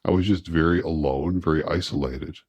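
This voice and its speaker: A man with a very deep voice talks openly as an interview guest. His speech is reflective and halting, with frequent restarts. The recording is dry and close, with no room sound. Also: darkish tone, no echo. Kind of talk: candid personal interview.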